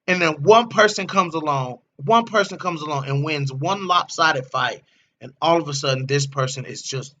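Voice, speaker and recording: Male livestream host, higher bright voice, blunt and profane, fired-up rant. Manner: blunt, profane, repeats himself. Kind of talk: casual livestream commentary.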